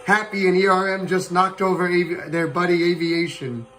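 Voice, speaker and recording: A man hosting a livestream, giving playful live commentary on a virtual airshow, excitable and prone to whoops and chuckles. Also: high-pitched, normal speed, a little hiss or hum, rough recording. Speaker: livestream host. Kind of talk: playful live commentary on a flight sim show.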